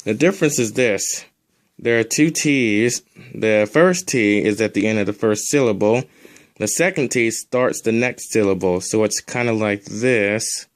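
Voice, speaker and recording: A man's voice: lowish voice, unhurried. A man teaching a recorded language lesson, drilling sounds one at a time and adding casual asides.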